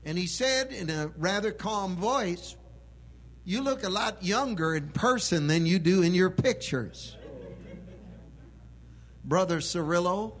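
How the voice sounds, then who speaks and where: A man preaching a sermon with emphatic delivery that swells into loud proclamation. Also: sits high, slow, pauses often, slight background noise.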